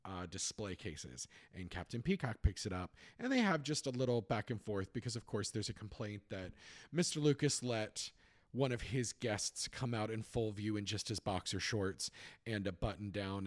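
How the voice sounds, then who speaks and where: A man's voice: lowish voice, dry recording, studio quality. Chatty man recapping a sitcom. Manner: rambling, chatty, full of fillers and asides; enthusiastic, amused storytelling. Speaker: podcast host recapping a sitcom. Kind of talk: casual chat.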